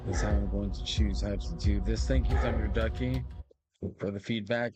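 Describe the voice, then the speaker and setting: A man from Puerto Rico streaming a game, chatting casually with many filler pauses and talking fondly to his kitten. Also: lowish voice, music in the background. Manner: chatty and relaxed, often pausing with fillers, fond baby talk to his kitten. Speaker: gaming streamer. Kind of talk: casual live-stream commentary.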